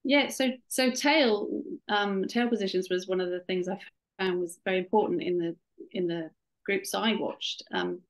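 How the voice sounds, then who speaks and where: A woman's voice: medium pitch, moderate pace, poor audio. Chatty woman on a video call. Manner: chatty, warm, many restarts and "you know". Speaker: author and cat behaviour scientist, guest. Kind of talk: webinar interview.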